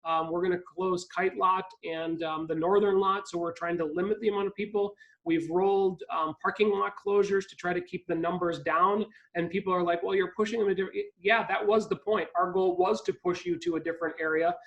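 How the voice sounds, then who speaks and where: A park district CEO from Ohio joins a live video call as a guest speaker, and the recording is muffled. His voice sits high, steady and fairly bright, with a brisk pace, though he often hesitates with ums and restarts.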